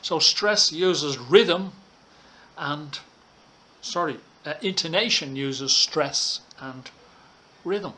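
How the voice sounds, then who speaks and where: A man teaching an English lesson online, talking students through slides in a slow, deliberate way and checking in with frequent "okay"s. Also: a little high, sharp tone. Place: Thailand.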